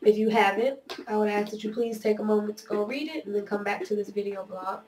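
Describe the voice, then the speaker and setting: A woman's voice: medium pitch, steady tone, fast talker, darkish tone, slight background noise. A woman with a nasal voice from a cold, talking earnestly and candidly to her viewers in a personal video blog. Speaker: video blogger. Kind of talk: personal vlog monologue. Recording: roomy echo, voice a bit off-mic.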